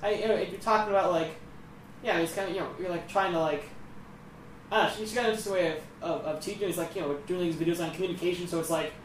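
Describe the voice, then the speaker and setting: A man's voice: high voice, steady tone, quick pace. A young man co-hosting a casual chat podcast, rambling with many fillers and acting out quotes. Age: young adult. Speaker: co-host. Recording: roomy echo, distant mic, faint noise.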